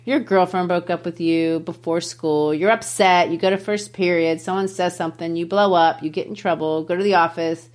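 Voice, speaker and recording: A woman literature teacher hosting a podcast, explaining a poem in a lively, teacherly way with emphatic asides. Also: lowish voice, moderate pace, hardly any pauses.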